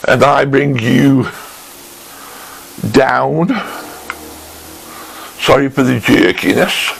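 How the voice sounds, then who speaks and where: A man giving a casual show-and-tell review of a woodworking tool in his home workshop, talking slowly and thinking aloud with restarts, picked up on a camera mic as he handles the tool. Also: medium pitch, gravelly, husky, poor audio.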